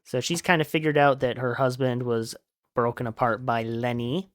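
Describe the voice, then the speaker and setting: A man's voice: mid-range voice, flat delivery, normal speed, clean tone, no echo, studio quality. A man hosting a podcast, casually retelling a novel in a chatty way. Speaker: podcast host.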